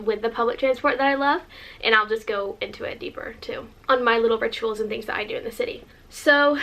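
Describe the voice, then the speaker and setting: A woman's voice: on the high side, a bit bright. A woman from Northern California, chatting in a gushing, rambling vlog with lots of likes. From Northern California, USA. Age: 20s. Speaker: vlogger.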